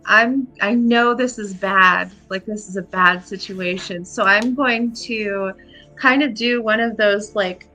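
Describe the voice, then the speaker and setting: A woman's voice: mid-range voice, takes it slowly, sharp tone, faint music behind. A woman playing a tabletop game, chatty and rambling with lots of fillers. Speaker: player.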